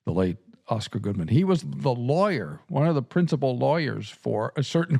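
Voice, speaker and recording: A man's voice: medium pitch, sing-song, fairly quick, gravelly, darkish tone. A middle-aged man from Nebraska hosting a podcast in casual chat, chuckling often and restarting his sentences. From Nebraska, USA. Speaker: podcast host and seminary professor.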